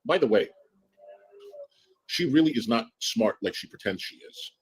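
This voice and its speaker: Indignant man with a husky voice. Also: mid-range voice, lively intonation, normal speed, low-quality recording. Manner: indignant, accusatory, repetitive. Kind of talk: ranting live stream talk.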